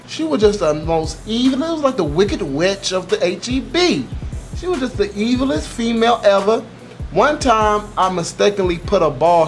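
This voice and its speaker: A young man telling a story about an old job in an animated, profane, exaggerated way for his vlog. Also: high-pitched. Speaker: YouTuber.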